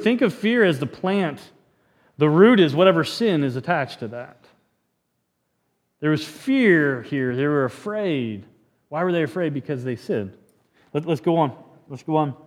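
A man preaching a sermon in a church, animated and joking, often restarting his sentences. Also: on the high side. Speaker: pastor.

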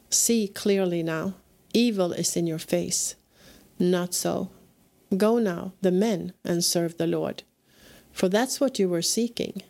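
A woman reading scripture aloud in a measured, deliberate way as a podcast host. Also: on the low side, creaky, a little mellow. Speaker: scripture reader.

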